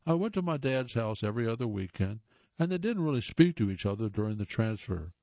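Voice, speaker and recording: A man reads short stories aloud and sometimes stumbles and restarts. His voice is mellow and relaxed. The recording is dry and close, with a slightly muffled tone. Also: mid-range voice, a little fast, no room sound. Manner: plain reading with occasional stumbles and restarts. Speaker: reader of listener stories.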